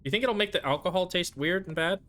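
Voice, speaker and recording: A high-pitched man talks fast with a fairly bright tone while streaming a game. His casual commentary slips into frustrated, self-soothing muttering between bursts.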